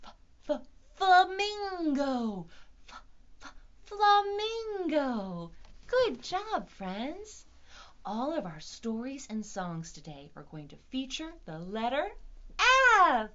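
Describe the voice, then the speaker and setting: A woman's voice: high-pitched, big pitch swings, slow pace, dull audio. A woman leading a virtual storytime for young children, talking in a sing-song, exaggerated, playful teacher voice. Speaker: children's librarian.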